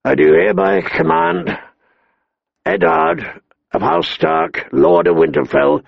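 A man voicing a hoarse, hot-tempered dying king who talks gruffly and halts with pain, in a dull lo-fi dry recording. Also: on the high side, big pitch swings, no echo, full character voice. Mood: commanding. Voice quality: hoarse, gravelly. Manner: gruff, blustering, halting with pain.

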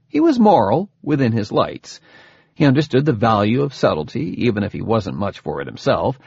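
A man narrates an audiobook in a husky voice, bringing expressive, dryly humorous storytelling. His pitch moves in wide, animated swings. The recording is dull and lo-fi, with no room sound at all. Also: no room sound. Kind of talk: scripted narration. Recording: dull lo-fi, dry close recording.

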